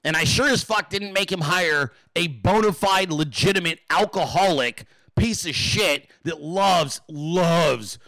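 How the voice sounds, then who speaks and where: Brash, profane livestream host with bright voice. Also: male voice, unhurried, hardly any pauses, dry recording. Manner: profane, mocking, puts on shrill voices. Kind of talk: crude casual livestream rant.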